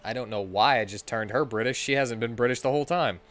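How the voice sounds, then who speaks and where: A woman's voice: very deep voice, fast, hardly any pauses. A woman streamer giving wry, joking commentary as she plays a game. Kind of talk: casual gameplay commentary.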